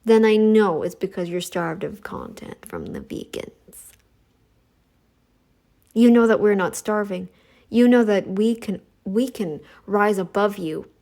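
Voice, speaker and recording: Slow, sassy woman scolding her critics. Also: warm tone. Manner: sassy, scolding, mocks others in high voices. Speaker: commentary channel host. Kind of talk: reaction commentary monologue.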